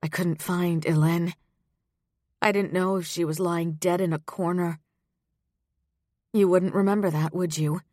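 A guarded, bitter woman, read by a female narrator, speaks low and slow in a heavy voice, her words tight with old anger. The recording is dry and close. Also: steady tone, mellow, dry recording. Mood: accusing.

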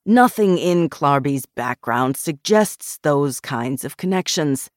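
A narrator voicing a quick-tempered, ailing older man who shouts his lines in an audiobook. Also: mid-range voice, animated, dry recording, studio quality. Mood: accusing. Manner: loud, shouting. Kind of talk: audiobook character voice.

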